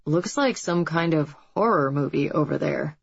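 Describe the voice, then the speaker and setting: An awkward young male singer talks in a nervous, hesitant way, voiced by a woman with a husky low voice. The audiobook recording is dull and dry. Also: lively intonation, moderate pace, dry recording, exaggerated voice.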